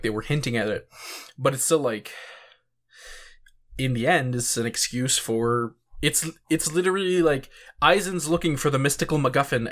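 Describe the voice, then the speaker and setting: A man's voice: mid-range voice, fairly bright tone. Rambling, laid-back male podcast host. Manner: rambling, filler-heavy, swears and chuckles often. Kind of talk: casual chat.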